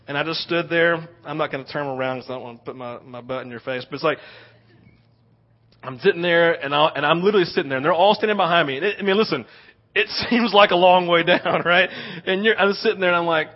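A man preaching a sermon as a pastor, telling stories in an animated way and often asking "right?". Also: on the high side, quick pace, highs cut off. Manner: animated storytelling with frequent "right?".

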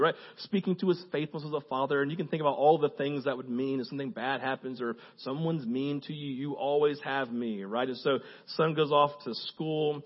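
A man preaching a sermon as pastor, animated and conversational with asides. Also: medium pitch, dull audio. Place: church.

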